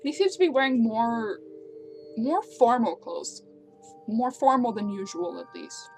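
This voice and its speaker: Slow-paced woman game master. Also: fairly high pitch, big pitch swings, a little mellow, soft background music. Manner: descriptive, laughs with players. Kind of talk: narrating a tabletop game.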